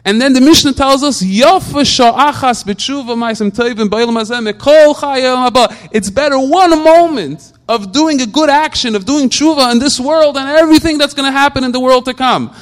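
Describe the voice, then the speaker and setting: With an extremely high-pitched voice at normal speed and barely a pause, a man leads an informal religious talk. It's full of animated rhetorical questions, and he keeps stammering, repeating a word before going on.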